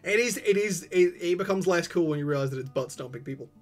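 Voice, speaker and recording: A man co-hosting a casual livestream, joking quickly and swearing casually. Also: high voice. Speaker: co-host.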